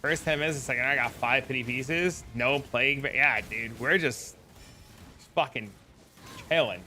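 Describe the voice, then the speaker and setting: A man's voice: mid-range voice, moderate pace, sharp tone, a little hiss or hum. A man streaming a game, chatting casually in a laid-back, profane, rambling way full of fillers. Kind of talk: casual live-stream chat.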